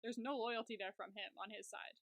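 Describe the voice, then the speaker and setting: Female podcast co-host, slightly high, bright tone, blunt and jokey, swears casually. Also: steady tone, brisk, no echo. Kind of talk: casual recap chat.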